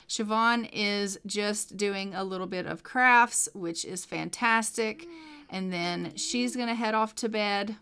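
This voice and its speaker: A woman's voice: mid-range voice, a bit bright, clean tone. A woman hosting a game channel, narrating life-sim gameplay in a chatty, story-telling way. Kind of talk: let's play narration.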